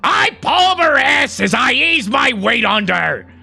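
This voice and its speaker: A loud, squawking comic-impression voice of a middle-aged man, as a streamer puts it on. It is grating and nasal, very high and bright, and it swoops around in a melodramatic reading. The delivery is slow and overblown. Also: big pitch swings, gravelly, slightly rough, faint music behind, full character voice. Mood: mock serious. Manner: loud, over-the-top dramatic reading.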